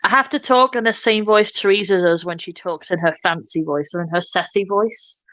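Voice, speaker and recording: A woman's voice: mid-range voice, normal speed, fairly bright tone, dry recording, dull audio. A woman hosting a makeup livestream, chatting casually and teasing herself in playful banter as she works. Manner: playful, self-mocking banter. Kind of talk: casual chat while doing makeup live.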